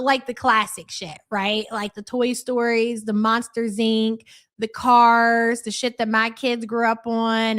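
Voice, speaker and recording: A woman's voice: on the high side, a bit bright. Sarcastic middle-aged woman streamer. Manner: sarcastic and mocking. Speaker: reaction livestream host. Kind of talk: live reaction commentary, reading chat messages.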